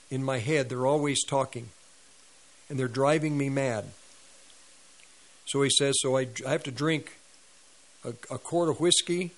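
A man's voice: mid-range voice, rough recording. A man preaching on a radio ministry, retelling a story with quoted dialogue and sound effects. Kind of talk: sermon storytelling.

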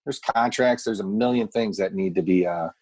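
A man's voice: deep voice, normal speed, a little mellow. A man who is a golf pro, guesting on a sports radio talk show and thinking aloud with frequent restarts as he weighs both sides.

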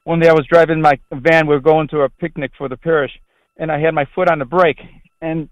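A man's voice: a little high, steady tone, quick pace, no echo. A middle-aged man who is a priest, giving earnest, rambling interview answers with frequent restarts. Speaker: Catholic priest. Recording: tinny phone line, dry.

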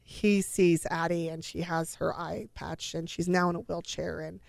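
A woman's voice: on the low side, little pitch movement, moderate pace, vocal fry, darkish tone, no echo, clean studio sound. A woman in her forties, a mother earnestly recounting a family story as an interview guest, sighing often and acting out what each person said.

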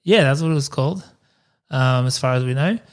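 Male podcast co-host, casual rambling storyteller, swears freely, mid pitch. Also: brisk. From Australia. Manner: loose storytelling with swearing and asides. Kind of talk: casual chat.

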